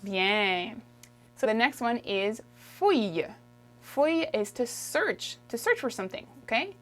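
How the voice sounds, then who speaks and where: A woman from Quebec teaching French, who says each word slowly and repeats it for the learner. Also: on the high side, animated, a bit bright, soft background music. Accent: Québécois French. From Quebec, Canada. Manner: patient, drills words slowly and repeats them. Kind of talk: video language lesson.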